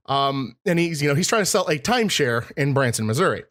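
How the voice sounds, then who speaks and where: A man's voice: a little high, expressive, fairly quick, hardly any pauses, a bit bright. A young man from Michigan co-hosting a podcast, telling rambling anecdotes in casual chat with quoted dialogue and asides. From Michigan, USA. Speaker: podcast co-host.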